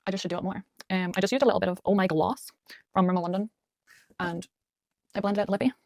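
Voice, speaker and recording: A woman's voice: medium pitch, fairly even intonation, fast talker, a little mellow, dry recording, clean studio sound. A woman chatting casually at home while doing her makeup, muttering little asides to herself as she works. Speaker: beauty vlogger. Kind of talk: chatty get-ready-with-me talk.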